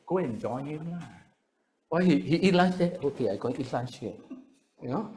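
Brief: middle-aged Singaporean-accented male pastor, animated sermon, slightly raised pitch, faint hiss behind. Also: normal speed. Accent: Singaporean English. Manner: lively, chatty, repeats words, jokes with the crowd. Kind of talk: sermon to seminary students.

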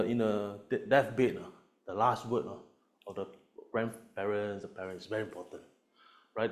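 Emphatic male pastor preaching. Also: on the low side. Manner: emphatic, peppers lines with "right?" and "huh?" tag questions; swings between loud stresses and soft asides. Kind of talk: preaching a sermon to a congregation.

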